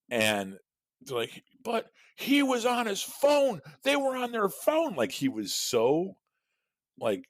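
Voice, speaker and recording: A man's voice: fairly low pitch, no room sound. A man co-hosting a podcast, telling a rambling, profane story in casual chat with frequent laughs. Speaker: podcast co-host.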